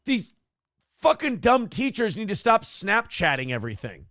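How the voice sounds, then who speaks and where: A man's voice: high-pitched, very animated, moderate pace, fairly bright tone, dry recording, clean studio sound. A man hosting a solo livestream show. He gives crude comedic commentary, reads chat messages aloud and acts out lines in a mocking voice.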